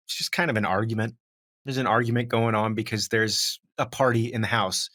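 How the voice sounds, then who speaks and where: A man's voice: medium pitch, sharp tone. Rambling man podcast co-host. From Miami. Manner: rambling, many restarts, laughs through points. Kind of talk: casual chat.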